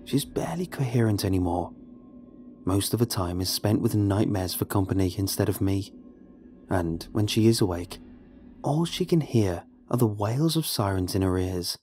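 A man with a lowish voice tells a first-person horror story, his delivery somber and measured. Faint music plays quietly beneath his narration.

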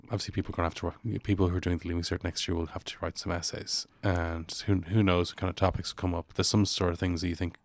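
A man with an Irish accent hosting a podcast, asking questions quickly with stumbling restarts. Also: sits low, flat delivery, no room sound. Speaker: podcast host. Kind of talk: casual interview.

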